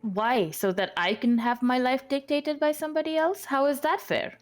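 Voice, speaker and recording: A woman's voice: high-pitched, moderate pace, natural voice. A woman voicing a young woman runaway who answers back defiantly.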